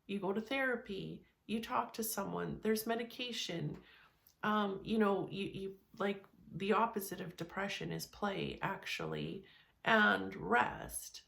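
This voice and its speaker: A woman giving a frank self-help talk in a gravelly voice at a middle pitch. She speaks in a loose, conversational way, often stopping to restart or repeat a word. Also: a bit bright. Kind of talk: candid motivational talk.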